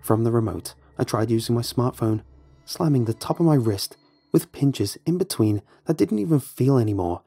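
A man narrating a first-person horror story in a measured, somber way. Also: medium pitch, animated, gravelly, dark tone, breathy edge.

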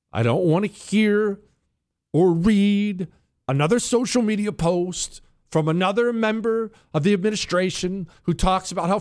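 Ranting male talk radio host. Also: on the high side. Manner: emphatic, ranting, mocking; mimics others in whiny quotes. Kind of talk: opinion monologue.

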